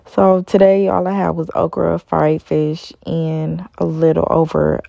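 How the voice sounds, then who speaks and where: A woman's voice: low voice, flat delivery, unhurried, vocal fry, warm tone, dry recording, dull audio. A tired woman hosting a casual solo podcast, rambling with many ums and stopping to correct herself. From Los Angeles area. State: tired, yawning. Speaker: podcast host.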